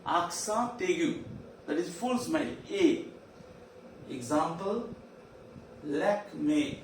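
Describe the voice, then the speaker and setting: Slow echoey Indian-accented man teaching. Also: fairly high pitch, lively intonation. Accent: Indian English. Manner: slow, repetitive drilling of terms. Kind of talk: virtual class lecture. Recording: echoey room, far from mic, faint hiss.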